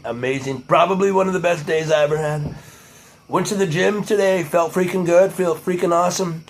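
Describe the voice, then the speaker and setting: A man's voice: a little high, rough recording. Laid-back young man, rambling vlog chat.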